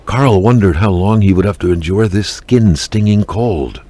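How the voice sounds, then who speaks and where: A man voicing the narrator of a video game, reading scripted lines in a measured, wry way. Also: warm tone, close to an everyday voice. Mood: dry. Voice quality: deep, gravelly, measured. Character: gravelly male game narrator, dry and wry.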